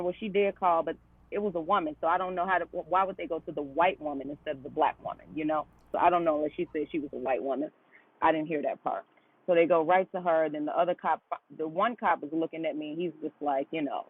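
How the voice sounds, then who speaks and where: A woman's voice: low-pitched, husky, no echo. A woman guest on a podcast, telling a story in a conversational way, full of fillers and quoted dialogue. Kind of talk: casual storytelling. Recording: tinny phone-like line.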